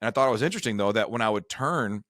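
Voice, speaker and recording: A middle-aged man with a fairly low voice tells a rambling, self-deprecating story in easy conversation. He hosts a retirement advice show. The sound is dry and close. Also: lively intonation, rapid-fire, fairly bright tone, no room sound. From Michigan. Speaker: retirement advisor and show host. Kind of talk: casual storytelling chat.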